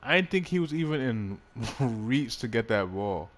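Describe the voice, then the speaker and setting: A man casually commenting on his own basketball video game, excitable, swearing and laughing at himself. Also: mid-range voice, moderate pace. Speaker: gaming YouTuber.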